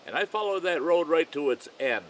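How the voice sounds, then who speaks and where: An older man telling a folksy, rambling campfire story about his own past at an unhurried pace. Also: on the high side, animated, a bit bright, a little hiss or hum, low-quality recording.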